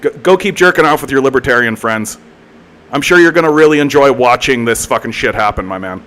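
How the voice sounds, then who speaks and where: A man's voice: mid-range voice, lively intonation, brisk, a bit bright, smooth. A Canadian man ranting heatedly on a live political stream, swearing a lot, mocking and repeating himself. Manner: profane, heated, mocking, lots of filler and repeats.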